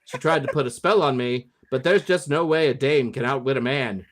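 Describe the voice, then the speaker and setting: A puffed-up 1940s governor brags in a clipped, old-fashioned mid-Atlantic announcer voice, as a man puts him on for a comic bit. He is smug and boastful, with a mid-range pitch. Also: a little fast, lightly acted. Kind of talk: comic monologue.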